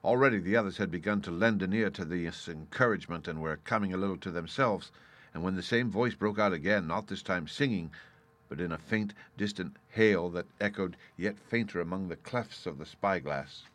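A man reading a story aloud in steady, measured scripted narration. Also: low voice. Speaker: audiobook narrator.

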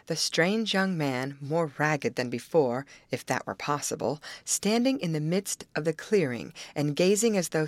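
A woman reading a classic novel aloud in a measured narrating style, lifting her voice for the characters' lines. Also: sits low, no echo. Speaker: audiobook reader. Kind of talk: scripted narration.

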